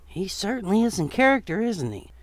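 A man's voice: sits high, very animated, a little fast, no room sound, voice pushed up. A man voicing a sweet, doting elderly woman in a spooky storybook reading. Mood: delighted, doting. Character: elderly woman handing out candy, warm and amused.

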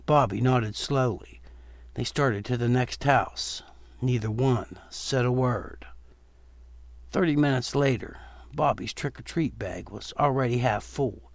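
A man reading a Halloween horror story aloud in a steady, measured storytelling voice. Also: medium pitch, creaky, no room sound. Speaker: narrator. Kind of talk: storytelling narration.

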